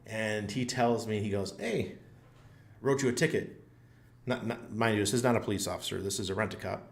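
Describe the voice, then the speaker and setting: A man hosts his own channel, rambling through a funny story in a casual, self-mocking way and laughing often. His lowish voice is fast with fairly even intonation, and the recording has a roomy echo.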